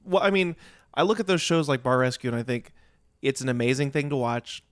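A man in a casual podcast chat, speaking in a measured, thoughtful way. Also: mid-range voice, lively intonation, clear, resonant tone.

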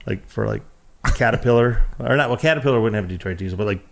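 A man's voice: fairly low pitch, fast, vocal fry. Rambling, cursing man telling stories. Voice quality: rambling, profane, lots of restarts. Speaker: podcast guest, game inventor. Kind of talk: casual chat.

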